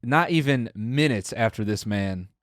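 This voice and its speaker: A man's voice: lowish voice, measured pace, no echo, studio quality. A young man co-hosting a podcast, casually telling a story with plenty of swearing and acting out the people in it. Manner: animated storyteller, acts out quoted people, swears freely. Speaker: podcast co-host.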